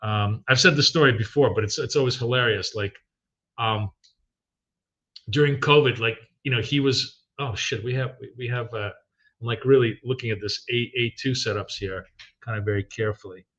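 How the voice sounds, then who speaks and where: A man's voice: medium pitch, normal speed, a bit bright, lo-fi sound. A middle-aged man hosting a live trading stream, chatting casually and rambling with many ums and restarts.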